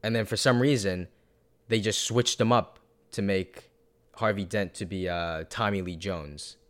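A man co-hosting a podcast, rambling and animated in casual chat, swearing now and then. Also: sits low, a little slow. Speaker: podcast co-host.

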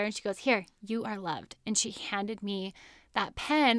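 A woman's voice: medium pitch, normal speed, no echo, studio quality. A woman in her thirties hosting a podcast, telling a personal story in an earnest, chatty way and laughing often. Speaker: podcast host.

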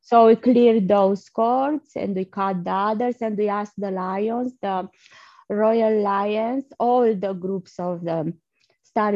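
A woman leading a guided energy healing session, speaking softly and haltingly with breathy blowing sounds between phrases. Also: mid-range voice, no room sound. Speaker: energy healer guest. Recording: dull lo-fi sound.

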